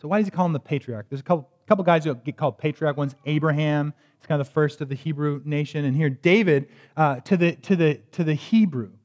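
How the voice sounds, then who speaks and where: A man's voice: a little high, fast talker, few pauses, darkish tone. A man preaching a sermon, reading scripture and explaining it in a conversational, emphatic way with joking asides. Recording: reverberant hall.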